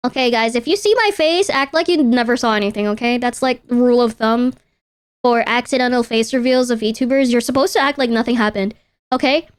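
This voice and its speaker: A young woman with a high, light voice chats to her livestream viewers. She rambles playfully, cuts herself off mid-sentence and swears casually as she talks. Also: normal speed, clear, resonant tone. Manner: chatty, self-interrupting, playful, swears casually. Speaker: VTuber streamer.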